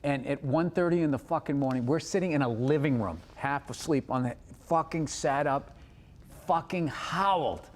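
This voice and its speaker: A man's voice: on the high side, moderate pace. A man who is a stand-up comedian, telling stories in casual chat, swearing a lot and acting out the people he quotes. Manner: animated storyteller, heavy swearing, acts out quotes.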